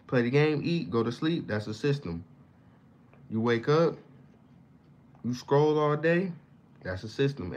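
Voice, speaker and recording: Slangy, profane young man ranting. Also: mid-range voice. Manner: slangy, profane, rambling with sudden loud bursts. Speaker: vlogger. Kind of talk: casual unscripted rant. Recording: slightly dull lo-fi with faint hiss.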